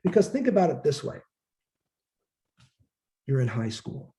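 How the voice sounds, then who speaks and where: Man lecturing casually, very dark mellow tone, relaxed and conversational, drops the odd curse word. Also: mid-range voice, unhurried. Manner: casual, conversational, acts out quoted voices, occasional profanity. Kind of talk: informal lecture.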